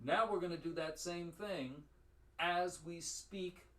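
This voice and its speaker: Lively man lecturing on verse rhythm. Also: high voice, slow. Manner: lively and jokey, chanting rhythms aloud. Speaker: university lecturer. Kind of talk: online lecture on Shakespeare verse.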